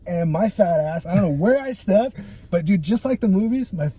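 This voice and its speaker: A young man, a guest photographer on a casual podcast, tells animated stories, swearing freely and peppering his talk with "dude" and "like." His voice sits high and moves at a moderate pace over slight background noise.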